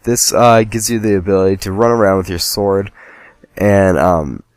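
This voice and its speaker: Man, let's play host, casual rambling commentary, self-deprecating jokes, low voice, dry sound. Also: steady tone, normal speed, no echo, soft background music.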